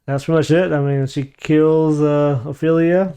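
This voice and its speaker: A man co-hosting a casual anime discussion, agreeable and quick to laugh along. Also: on the high side, steady tone, a crowd in the background. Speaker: podcast co-host.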